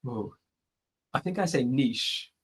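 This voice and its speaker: Slow and expressive, with a mid-range pitch and a breathy edge, a British man who hosts a podcast answers questions live over video call. His answers are chatty and advice-giving, peppered with "like" and "right?".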